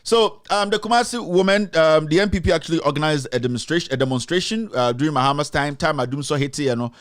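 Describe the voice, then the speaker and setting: A man's voice: a little high, fast, fairly bright tone, no room sound, clean studio sound. Fiery Ghanaian man, political commentary host. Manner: impassioned, repetitive, mixes English with Twi. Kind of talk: live-streamed political commentary.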